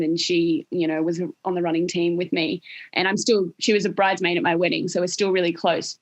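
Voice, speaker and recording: A young adult woman from Australia with an Australian accent, chatting as a podcast guest, laughing often and telling animated stories. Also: on the low side. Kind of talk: casual chat.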